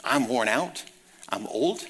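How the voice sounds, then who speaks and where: A tired, doubting old woman, as a male preacher acts her out brushes off the very idea with resignation. Her voice sits low, well under the preacher's usual pitch. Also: expressive, slow, a bit bright, slightly rough, heavily acted. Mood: resigned. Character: elderly woman, weary and doubtful.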